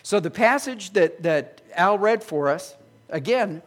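A male pastor preaching a sermon, animated and acting out imagined voices of his listeners. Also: high voice, unhurried.

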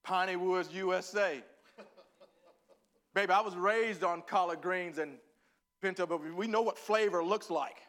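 Texan preacher, man, high bright voice, goes from hushed to fired-up shouting. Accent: Texan Southern. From Northeast Texas. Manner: swings from low, quiet musing to loud, fervent, drawn-out preaching; laughs and exclaims often. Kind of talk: sermon.

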